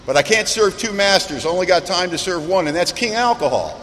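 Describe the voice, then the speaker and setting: Guy telling his recovery story at a meeting, frank and wry, a bit high-pitched, echoey hall. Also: expressive, fairly bright tone. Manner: candid, self-mocking storyteller with dramatic lists and pauses. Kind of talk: personal recovery testimony to an audience. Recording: echoey hall with faint background noise.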